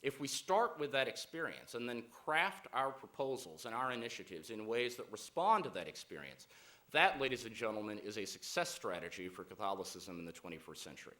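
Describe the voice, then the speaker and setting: A man giving a keynote speech to a conference audience, measured and deliberate, with frequent "uh" fillers. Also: on the low side, big pitch swings, sharp tone. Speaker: keynote speaker.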